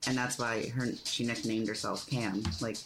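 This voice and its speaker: A man's voice: mid-range voice, steady tone, moderate pace, background noise. A man co-hosting a podcast, rambling through stories in casual chat and chuckling easily. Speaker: podcast co-host.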